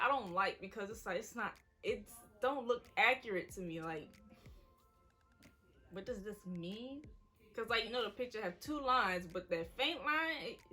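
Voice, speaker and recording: A woman's voice: a little high, bright, forceful tone. A woman, casually telling an emotional personal story to the camera. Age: 20s. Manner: casual, quoting people in her story. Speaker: vlogger.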